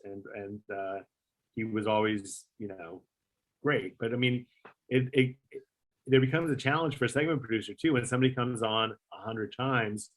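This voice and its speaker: A man who used to produce a talk show, telling a long backstage story in a casual, rambling way, with lots of fillers and some swearing. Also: medium pitch. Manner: rambling, filler-heavy, animated retelling with swearing.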